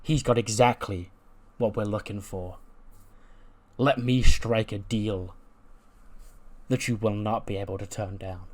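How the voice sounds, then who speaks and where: A man's voice: lowish voice, steady tone, a little slow, long pauses, natural voice. A man voicing a sly young male wrestler who talks persuasively to cut a deal.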